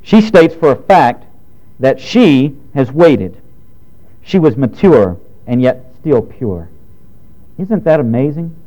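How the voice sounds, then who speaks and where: Lively preaching man in his thirties. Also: medium pitch, slow, long pauses, low-quality recording. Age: 30s. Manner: preaching with rising and falling emphasis, direct and frank. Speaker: pastor. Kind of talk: sermon.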